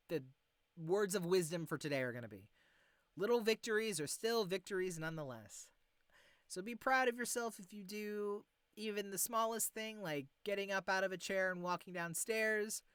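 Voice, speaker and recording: Chatty male streamer, smooth dry voice. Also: a little high, no echo. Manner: rambling and filler-heavy, gently encouraging. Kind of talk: casual stream sign-off chat.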